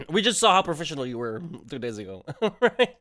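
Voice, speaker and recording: A man's voice: on the high side, big pitch swings, brisk, creaky, bright, forceful tone. A man who is not a native English speaker, streaming casual reaction commentary in a mocking, sarcastic tone, laughing often and dropping slang like bro and man.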